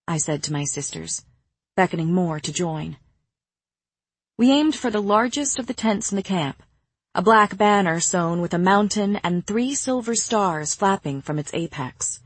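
A woman narrates a novel in first person at a measured, even pace. Her voice sits fairly low with a husky grain. The recording is close and dry. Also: no echo. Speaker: audiobook narrator.

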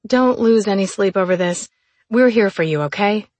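Woman voicing a caring sharp-tongued older sister. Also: mid-range voice, normal speed, no echo, natural voice. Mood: reassuring. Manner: supportive, speaks through gritted teeth when angry.

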